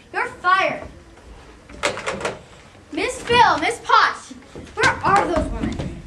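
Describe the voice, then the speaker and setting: A vain, blustering tycoon, played by a woman barks and boasts in a high, bright voice that swings widely. The stage play is heard from far off in an echoey hall. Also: a little hiss or hum, heavily acted. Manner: barking, boastful, mocking. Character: blustering rich male tycoon boss, bossy and vain. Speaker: stage actor. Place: theatre stage, heard from the audience.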